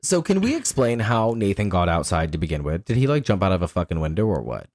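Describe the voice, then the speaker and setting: A man co-hosting a podcast in casual chat, animated and profane, laughing often. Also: low-pitched, quick pace, no echo, studio quality. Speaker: podcast co-host.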